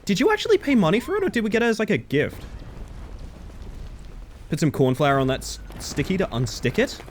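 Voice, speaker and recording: A man streaming a game live, chatting casually with his viewers in a playful, animated way and swearing freely. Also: high-pitched, brisk, slight background noise. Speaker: livestreamer. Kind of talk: casual chat while gaming live.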